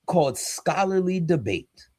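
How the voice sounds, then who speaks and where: A man's voice: on the high side, big pitch swings, a little slow, darkish tone, dry recording, clean studio sound. A man, a pastor and podcast co-host, talking in a casual but preachy, emphatic and slangy way. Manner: emphatic and fired up, slangy and direct.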